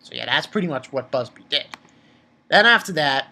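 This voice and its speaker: A man giving a casual, rambling review of a comic chapter, talking excitably and jumping up in pitch when he gets worked up. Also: moderate pace, gravelly, slight background noise. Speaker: manga reviewer.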